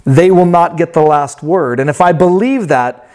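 A man preaching a sermon in a reflective way that turns animated when he tells a story. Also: a little high, moderate pace. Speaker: pastor.

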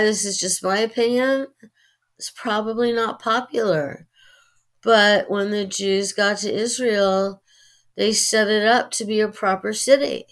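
A middle-aged woman with a Californian Valley accent, talking earnestly as an interview guest, with many pauses and fillers. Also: mid-range voice, a bit bright. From United States. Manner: earnest, opinionated, halting with fillers. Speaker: guest, actress and writer. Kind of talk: interview conversation.

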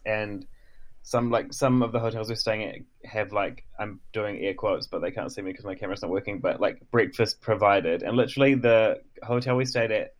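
A man's voice: on the low side, moderate pace. Chatty New man on a call. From New Zealand. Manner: chatty, filler-heavy, playfully vain storyteller. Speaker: podcast co-host. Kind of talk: casual chat.

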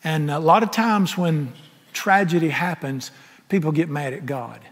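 A middle-aged pastor, preaching a folksy, impassioned sermon that swings from loud to soft. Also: male voice, on the high side, a little slow, slightly rough. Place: large church sanctuary. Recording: echoey sanctuary with long reverb.

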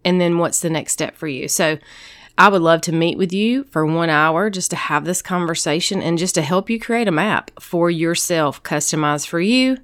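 A woman's voice: fairly low pitch, moderate pace, a bit bright, dry recording, clean studio sound. A woman who hosts a podcast as a sobriety coach, talking casually and encouragingly to her listeners while congested from a cold. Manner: encouraging and direct, speaking to listeners as sisters. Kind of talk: casual solo podcast talk.

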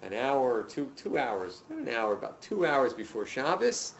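Animated man teaching a class. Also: medium pitch, moderate pace, muffled recording, a little hiss or hum. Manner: animated storyteller, direct and emphatic. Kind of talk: lecture to a class. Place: room with students.

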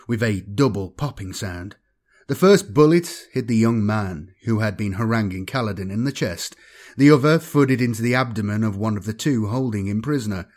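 A man giving a measured, dramatic scripted narration of a science-fiction audiobook. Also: fairly low pitch.

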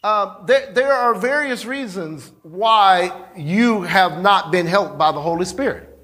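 A pastor preaching a sermon in a church, talking conversationally, repeating himself and calling on the congregation. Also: male voice, high-pitched, lively intonation, a little slow, bright, forceful tone. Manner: conversational, repetitive, calls on the congregation.

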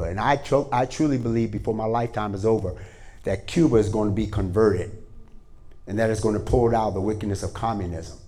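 A man preaching a sermon to a congregation in a church, moving from quiet prayer to energetic storytelling. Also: medium pitch. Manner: starts with hushed prayer, then lively storytelling with voiced characters. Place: church hall before a congregation.

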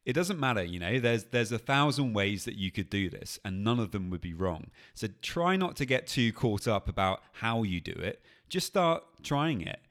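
A man, calmly and patiently explaining a technique on a coaching podcast. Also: on the low side, moderate pace, few pauses. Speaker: anxiety coach. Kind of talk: podcast teaching.

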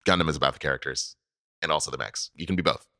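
A man co-hosting a casual podcast, talking in an animated, jokey way and swearing casually. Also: rumbling low, rapid-fire, no echo, studio quality. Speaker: podcast co-host. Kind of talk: casual chat.

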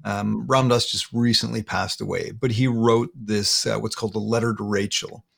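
A man, a guest in an interview, retelling a painful personal story haltingly, often repeating words. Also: fairly low pitch, fairly even intonation, gravelly, fairly bright tone.

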